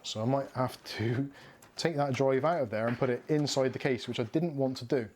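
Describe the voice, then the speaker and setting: A man's voice: medium pitch, moderate pace, a little mellow. A man, hosting a casual livestream while building a computer. He talks frankly, in a chatty way, and laughs often. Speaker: streamer building a PC.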